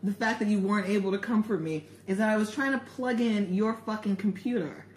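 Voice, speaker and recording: A woman co-hosting a podcast, telling stories in a casual, animated way, often laughing. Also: medium pitch, a little fast. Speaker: podcast co-host. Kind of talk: casual comedic chat. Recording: echoey room.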